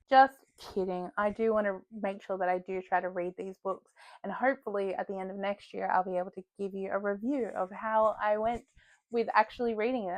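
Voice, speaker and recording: A woman's voice: medium pitch, dry recording. A woman vlogging about books in a chatty, joking way, swearing casually. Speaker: book vlogger. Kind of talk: casual chat.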